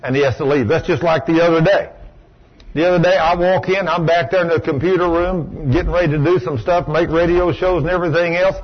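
A preacher with a high, husky voice delivers a folksy, emphatic sermon. He acts out the voices of the people he quotes. The recording sounds dull and lo-fi. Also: fairly even intonation, a little fast.

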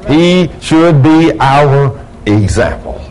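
A man's voice: on the high side, lively intonation, takes it slowly, a little mellow, poor audio. Folksy preacher man. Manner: folksy preaching, acting out church members' quotes. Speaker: pastor. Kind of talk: sermon.

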